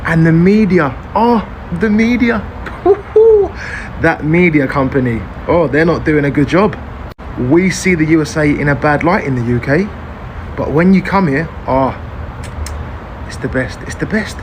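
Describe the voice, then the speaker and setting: A man's voice: fairly high pitch, moderate pace, slight background noise. A man with a London accent, effusively praising a country he is visiting in a casual vlog, repeating himself. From England. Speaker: visiting tourist.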